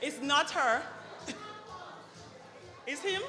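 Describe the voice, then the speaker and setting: High-voiced woman hosting an awards dinner. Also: drawn-out words, a crowd in the background. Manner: lively, joking, apologizes for slips. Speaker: awards ceremony host. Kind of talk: announcing award recipients. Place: banquet hall at an awards dinner. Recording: long hall reverb with loud music.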